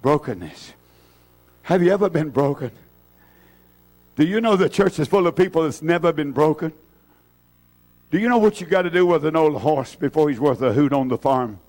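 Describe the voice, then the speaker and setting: High-voiced fervent preacher man. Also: moderate pace, long pauses, a little mellow. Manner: fervent, repetitive preaching with many fillers and restarts. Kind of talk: revival sermon.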